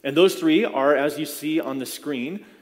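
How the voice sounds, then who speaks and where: A man's voice: fairly high pitch, unhurried, a little mellow. Man preaching in a reverberant hall. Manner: conversational, explaining with frequent restarts. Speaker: pastor. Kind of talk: sermon. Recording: long reverb of a large hall.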